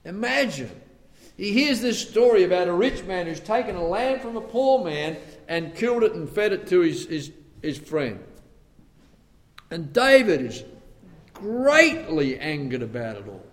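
A man preaching a sermon who swings from loud, rising outbursts to hushed, low tones, with chatty asides between scripture quotes. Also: sing-song, unhurried. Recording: long reverb of a large hall.

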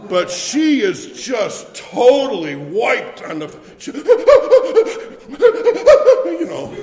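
A man's voice: high voice, darkish tone, long reverb tail. A man preaching a sermon, telling a funny story with playful swings in his voice.

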